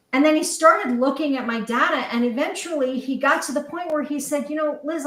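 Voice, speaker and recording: A woman hosting a panel discussion on sales, telling stories in an animated, conversational way. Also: sits high, reverberant, recorded from a distance, poor audio. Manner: storytelling, animated, quoting others. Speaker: host.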